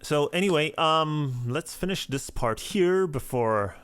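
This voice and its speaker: A man's voice: fairly high pitch, animated, measured pace, a bit bright, clean tone. A man hosting a let's play of a text game, reading the game text aloud and adding wry asides.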